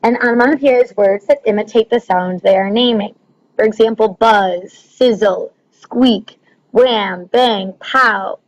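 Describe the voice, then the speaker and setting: A woman with a mid-range, unhurried voice teaches a recorded lesson, guiding students step by step. She says "um" frequently and checks that they are following along. The lo-fi recording sounds slightly dull.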